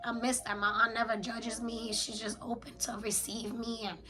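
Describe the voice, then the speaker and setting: A woman's voice: a little high, little pitch movement, moderate pace, music in the background, low-quality recording. A woman, venting in a raw confessional voice journal, blunt and slangy with heavy swearing. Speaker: vlogger.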